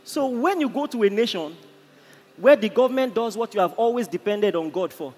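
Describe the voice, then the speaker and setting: High, bright-voiced Nigerian preacher in a hall. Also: male voice, lively intonation, a little fast, a little hiss or hum. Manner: impassioned, storytelling preaching. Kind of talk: sermon. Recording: echoey hall, faint ambience.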